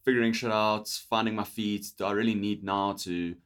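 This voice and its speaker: A man's voice: fairly low pitch, fairly even intonation, moderate pace, a bit bright. A young man with a South African accent, hosting a casual podcast chat, talking loosely and laughing often. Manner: chatty, laughs often, restarts sentences. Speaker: podcast host.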